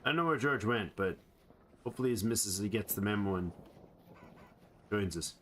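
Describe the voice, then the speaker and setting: A man's voice: lowish voice, expressive, normal speed, a bit bright, a little hiss or hum. A man giving playful, rambling let's play commentary on a survival game, chatting to the animals he meets. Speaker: gamer.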